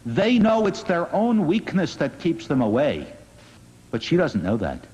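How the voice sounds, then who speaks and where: A man, a rabbi, giving an inspirational public talk in an earnest, gently wry storytelling manner. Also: a little high, huge pitch swings, measured pace, husky. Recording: dull lo-fi recording in a reverberant hall.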